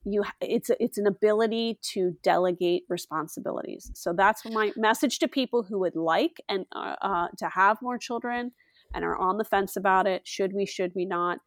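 A middle-aged woman chatting as a podcast guest, blunt, opinionated and quick to mock herself. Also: mid-range voice, dry recording, clean studio sound. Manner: blunt, opinionated and self-mocking. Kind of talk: casual podcast chat.

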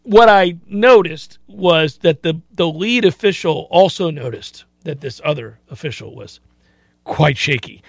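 A man's voice: a little high, lively intonation, unhurried, gravelly, no echo. A man hosting a sports talk radio show, chatting casually and acting out other people's lines.

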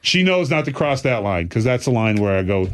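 Animated man telling a comic story. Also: medium pitch, a little fast, slight background noise. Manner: animated storyteller who slips into mocking impressions. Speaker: podcast co-host. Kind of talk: casual chat.

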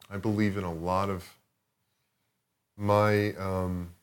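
A man with a somewhat low voice chats as a podcast guest. He tells his story loosely, with plenty of swearing and a reflective turn, in a casual, unscripted way. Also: flat delivery, drawn-out words, smooth. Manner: profane, rambling, reflective.

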